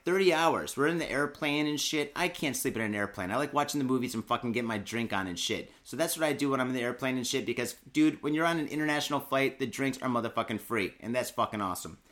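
A man's voice: mid-range voice, pushed and bright. A young man from Michigan, chatting casually as a podcast co-host, rambling and swearing constantly. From Michigan, USA. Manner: profane, rambling, heavy cursing and filler.

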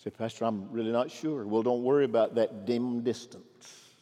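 A middle-aged male pastor preaching a sermon, swinging from emphatic calls to quiet, low asides. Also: normal speed. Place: large church sanctuary. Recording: long hall reverb.

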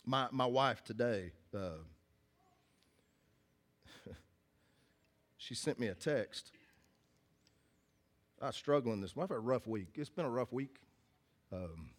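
A man preaches to his congregation at a middling pitch, earnest and folksy in manner. He doubles back, restarts his phrases and repeats them as he leans into each point. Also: unhurried, pauses often. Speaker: pastor. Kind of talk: sermon. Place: church hall with congregation.

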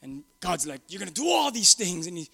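High-voiced preaching man. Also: very animated, fairly quick, vocal fry, slightly rough. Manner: builds from low musing to loud emphatic preaching. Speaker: pastor. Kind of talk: sermon.

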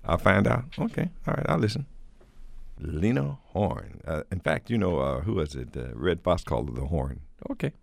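Male radio host, very deep and gravelly, folksy and halting, lively swoops in pitch. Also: dry recording. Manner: folksy, halting, with repeated thanks and blessings. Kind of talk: casual music-show hosting.

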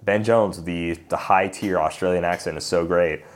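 A man co-hosting a casual podcast, agreeable and jokey, quick to chime in. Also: sits low, steady tone. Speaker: podcast co-host.

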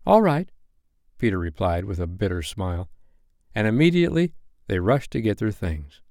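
Male bedtime-story reader, low and animated, dry close sound. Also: normal speed, no room sound. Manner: expressive, animated reading.

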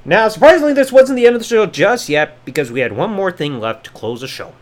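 A man's voice: high voice, expressive, quick pace. A man hosting a review podcast, sarcastic and profane, rambling through his recap. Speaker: podcast host.

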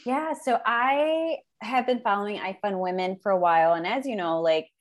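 A woman guest and business owner telling a story in a casual interview, animated, slipping Spanish phrases into her English. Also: mid-range voice, normal speed.

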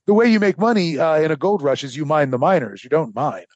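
A man co-hosting a history podcast, telling the story in a casual, animated way with lots of fillers. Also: on the high side, quick pace, dry recording, muffled recording. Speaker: podcast co-host.

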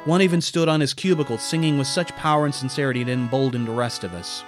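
A man's voice: medium pitch, fast, soft background music. A man narrating a personal story in a wry, self-deprecating way, now and then putting on voices for the people in it.

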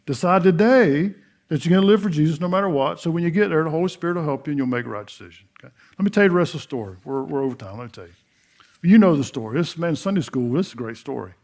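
A man's voice: fairly high pitch, animated, fast talker. Folksy man preaching with rising intensity. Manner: folksy storytelling, acts out biblical dialogue; swings from loud emphatic to hushed earnest. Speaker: pastor. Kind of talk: sermon.

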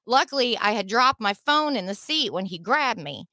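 A middle-aged woman telling a personal story as a podcast guest, in a heated, profane and animated way. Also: a little high, normal speed, no echo.

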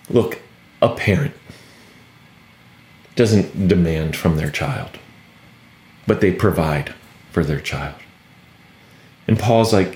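A man's voice: on the low side, echoey room. A man preaching a sermon, explaining a scripture passage with sarcasm and acting out quoted lines. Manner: animated, sarcastic at times, acts out quoted speech.

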